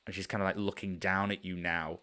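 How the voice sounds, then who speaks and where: Low-voiced man narrating a tabletop game. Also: flat delivery, brisk, sharp tone, clear, resonant tone. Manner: rambling, loose, with many fillers. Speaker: game master.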